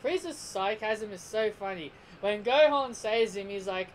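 A man's voice: sits high, a little slow, hardly any pauses, a little hiss or hum, poor audio. A man giving a casual spoken review of an anime episode, rambling, restarting his sentences and laughing often. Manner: rambling, frequent restarts and repeats.

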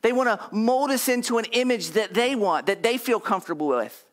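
A man's voice: sits high, lively intonation, a little fast, a bit bright. A male pastor preaching a conversational sermon, leading the congregation in repeated affirmations. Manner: conversational, repetitive affirmations, audience call-and-response.

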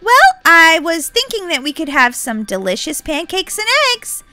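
A woman voicing a gentle, busy mother of two girls in a game role-play, talking in a soft, apologetic way. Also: very high-pitched, sing-song, normal speed, no echo, faint music behind, exaggerated voice.

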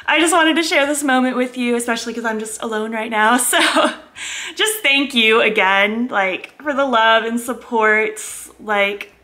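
Vlogger, woman, high bright voice, excitable and giddy, chatting to camera at home. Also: moderate pace. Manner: giddy, excitable, squealing and laughing often. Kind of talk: casual vlog chat. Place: at home, indoors.

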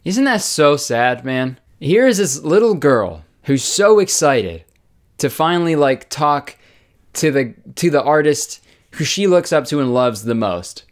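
A man's voice: a little high, big pitch swings, a little slow. A young man giving sarcastic comedic commentary, ranting with swearing and exaggerated asides. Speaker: YouTube commentator.

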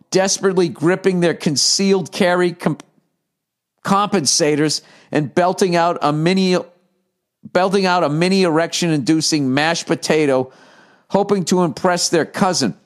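Profane ranting man, fairly high voice. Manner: profane, mocking, laughs while reading aloud. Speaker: podcast host. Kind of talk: comedic podcast rant.

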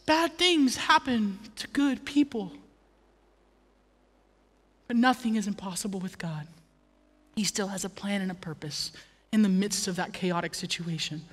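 A woman's voice: mid-range voice, measured pace, long pauses, in a large hall. A woman pastor preaching a sermon with passion, building to emphatic declarations and dropping in humorous asides. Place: church.

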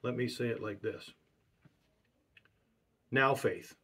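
A man's voice: medium pitch, slow, long pauses, a bit bright, husky. A man preaching a sermon, stressing his points by repeating key phrases.

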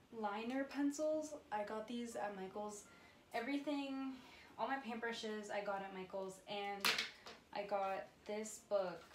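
A young woman vlogger with a mid-range voice chats casually while teaching painting at home, rambling and filling pauses with lots of "um" and "like." The room has a roomy echo, music plays behind her, and there's slight background noise.

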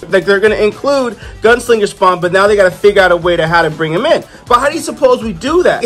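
A man's voice: high voice, a bit bright. A man casually narrating a comic book review, chatty and rambling with asides and fillers.

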